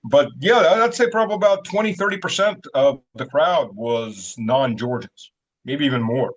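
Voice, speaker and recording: A man's voice: medium pitch, expressive, normal speed. A man telling stories in a casual interview, rambling with many fillers and chuckling as he goes. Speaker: guest commentator. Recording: dull lo-fi sound.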